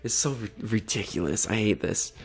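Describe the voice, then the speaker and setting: A man's voice: fairly low pitch, moderate pace, breathy edge. A man vlogging in casual commentary, sarcastic, mocking and exasperated.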